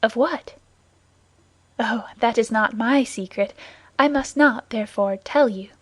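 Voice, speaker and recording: A woman's voice: a little high, a little slow, no room sound. A woman voicing a frightened, secretive young woman in an audiobook, with urgent, pleading questions.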